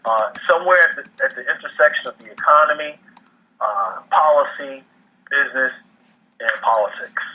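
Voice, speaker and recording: Husky-voiced man on a call. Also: mid-range voice, moderate pace, sharp tone. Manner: repeats and restarts words often. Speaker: guest economic commentator. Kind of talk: casual interview over a call. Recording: muffled phone-line audio.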